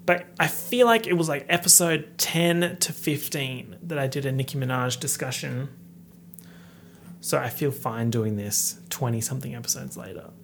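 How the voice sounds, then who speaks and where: Excitable man breaking down rap lyrics. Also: mid-range voice, moderate pace, creaky, a little hiss or hum. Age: late 20s. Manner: excitable, with sudden outbursts and whispered asides. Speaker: host. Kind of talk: casual lyric breakdown commentary.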